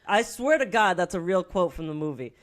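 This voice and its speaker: A woman's voice: fairly low pitch, expressive, brisk. A young woman co-hosting a movie podcast, telling stories in a rambling way, full of "like" fillers, swearing and laughter. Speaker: podcast co-host. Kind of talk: casual movie-review chat.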